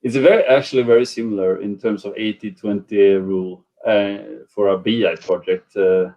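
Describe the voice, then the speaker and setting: A man speaking on an online panel discussion, halting and restarting often, heard over a video call. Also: on the low side, fairly even intonation, highs cut off. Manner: halting, many restarts and fillers.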